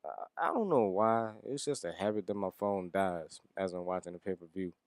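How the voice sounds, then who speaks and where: A man with a somewhat low voice talks loosely through a wrestling review. He rambles, swears, and chuckles now and then. The recording is close and dry, with no room sound. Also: normal speed, a little mellow, no room sound. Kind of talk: casual solo review.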